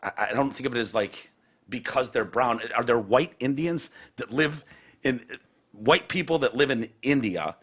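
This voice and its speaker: A man's voice: mid-range voice, normal speed, fairly bright tone, slightly rough. Blunt, profane podcast man. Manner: blunt, profane, thinks aloud. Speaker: podcast host. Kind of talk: casual podcast chat.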